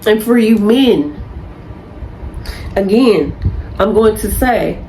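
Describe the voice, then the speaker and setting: A woman's voice: mid-range voice, animated, slow, dark tone, slight background noise, rough recording. A woman in her fifties lecturing her viewers in an unscripted rant, blunt and profane. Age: 50s. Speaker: spiritual content creator.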